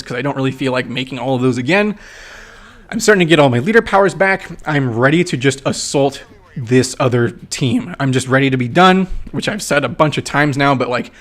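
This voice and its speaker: Excitable young man breaking down a match. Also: fairly high pitch. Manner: excitable, swears, shouts when reenacting his trash talk. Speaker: gameplay commentator. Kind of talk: casual match breakdown commentary.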